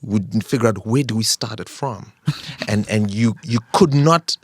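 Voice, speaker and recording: A middle-aged man from Zimbabwe co-hosting a podcast, telling stories in a measured, careful way. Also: lowish voice, husky, no room sound, clean studio sound. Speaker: podcast co-host. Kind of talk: casual chat.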